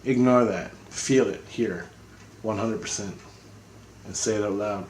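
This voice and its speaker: A man's voice: lowish voice, a little slow, a little mellow, reverberant, slight background noise. A man giving a casual, rambling video update, talking bluntly and swearing freely. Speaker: spiritual vlogger.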